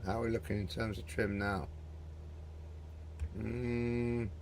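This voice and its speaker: Low gravelly chatty man. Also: little pitch movement, slow, slight background noise. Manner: chatty and rambling, lots of "mate". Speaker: gaming channel host. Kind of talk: casual gameplay commentary.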